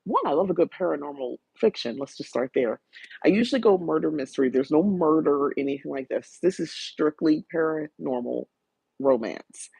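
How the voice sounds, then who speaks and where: Woman, podcast host, rambling book review chat, fry in the voice. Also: low voice, dark tone, no echo. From South New Jersey, USA. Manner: chatty, rambling, frequent restarts and fillers; greets live viewers by name.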